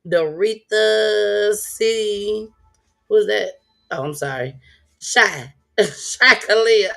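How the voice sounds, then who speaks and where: A woman's voice: mid-range voice, very slow, gravelly, fairly bright tone, faint music behind. A woman hosting a casual live stream, laughing often and greeting her viewers by name. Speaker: live-stream commentary host.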